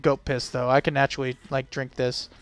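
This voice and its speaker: A man's voice: medium pitch, flat delivery, normal speed, clear, resonant tone, no echo, faint music behind. A man casually reacting to a video on stream, rambling and joking with frequent laughs and fillers. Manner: rambling, jokey, laughs often, lots of fillers. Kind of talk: casual chat.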